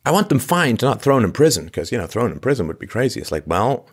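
A man's voice: mid-range voice, very animated, fast, breathy edge. A man hosting a commentary show, delivering a sarcastic monologue full of incredulous rhetorical questions and frequent sighs. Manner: sighs often. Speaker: podcast host.

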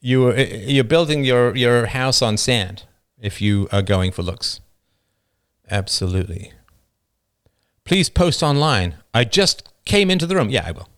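Host, male, middle-aged, emphatic, slightly rough-voiced, mid-pitched. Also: expressive, a little slow, fairly bright tone. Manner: passionate and emphatic, reads chat messages aloud. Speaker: call-in show host. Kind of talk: live call-in philosophy show.

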